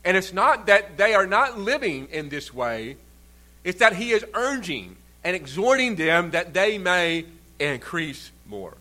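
A man's voice: high-pitched, very animated, unhurried, bright, forceful tone. A man preaching a sermon in an earnest, emphatic way, stretching out key words for stress. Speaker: pastor.

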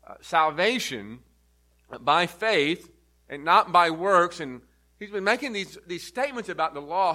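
Bright-voiced pastor preaching emphatically. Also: male voice, a little high. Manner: earnest, emphatic teaching with repeated stresses. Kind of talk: sermon. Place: church.

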